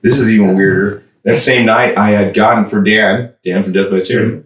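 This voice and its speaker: A young man telling a wild story in casual chat, animated, swearing often, laughing and shouting out the outbursts he quotes. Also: lowish voice, brisk, distant mic. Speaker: musician guest. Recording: echoey room, voice a bit off-mic, background noise.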